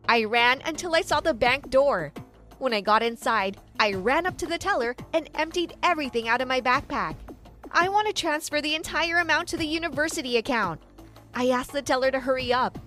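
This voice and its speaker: A woman's voice: high voice, a bit bright. A woman narrating a first-person story in an earnest, dramatic storytelling manner.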